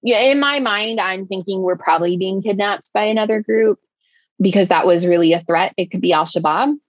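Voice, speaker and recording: A woman telling a personal story in conversation, rushing along with many fillers. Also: medium pitch, no room sound, lo-fi sound. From United States. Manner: tumbling, filler-heavy storytelling with many likes. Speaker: interview guest.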